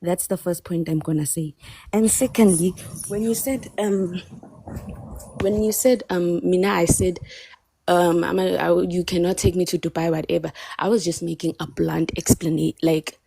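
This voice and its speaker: A woman's voice: fairly low pitch, fairly even intonation, normal speed, vocal fry, warm tone, slightly rough, no room sound. A South African woman arguing heatedly on a live-stream call, emphatic and defensive as she pushes back on the men on the panel.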